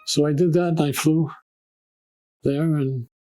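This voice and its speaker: Older man telling lively anecdotes. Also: fairly high pitch, a little slow, faint music behind, rough recording. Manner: animated anecdotes, acting out quoted voices. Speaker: oral history storyteller. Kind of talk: oral history recollection.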